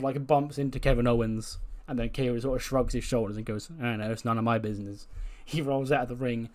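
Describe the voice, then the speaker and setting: Chatty male game recap host. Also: medium pitch. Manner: chatty, profane, laughs while telling. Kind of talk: casual recap narration.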